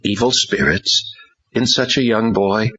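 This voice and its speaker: Deep husky male narrator, slow dramatic audiobook read, dull lo-fi audio. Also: sharp tone. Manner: dramatic storytelling. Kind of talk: scripted narration. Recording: dull lo-fi recording.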